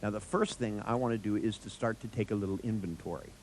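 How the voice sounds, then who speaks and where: A man's voice: fairly low pitch, quick pace, a little hiss or hum, poor audio. A man telling a story to an audience, acting out the dialogue with wry chuckles. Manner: animated, acts out dialogue in quotes. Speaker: speaker.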